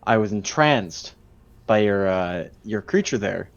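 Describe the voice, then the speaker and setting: A man playing a courtly male adventurer who talks in formal, flattering phrases in a tabletop game. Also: fairly low pitch, unhurried, gravelly, highs cut off. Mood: apologetic.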